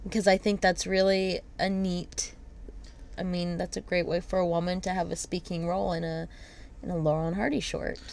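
A woman co-hosting a laid-back podcast conversation. Her voice is lower than most women's, and she keeps chiming in with short words of agreement. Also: flat delivery, moderate pace, vocal fry, a little mellow. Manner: frequent short agreeing interjections. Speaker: podcast co-host. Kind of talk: casual chat.

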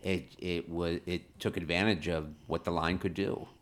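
Male host, very low voice, brief encouraging interjections, reflective comments. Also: fairly even intonation, moderate pace. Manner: short affirmations and reflective remarks. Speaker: podcast host. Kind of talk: casual interview.

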